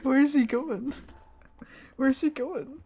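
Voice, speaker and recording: A woman's voice: sits high, unhurried, warm tone. A woman giving casual, playful gameplay commentary as a streamer, who keeps breaking into giggles. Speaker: gaming streamer.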